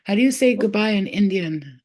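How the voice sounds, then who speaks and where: Mellow-voiced woman, profane, rambling. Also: mid-range voice, lively intonation, fairly quick. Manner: rambling and profane, with street slang; affectionate toward viewers, often saying she loves them. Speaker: spiritual reader hosting a livestream. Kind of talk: casual livestream chat.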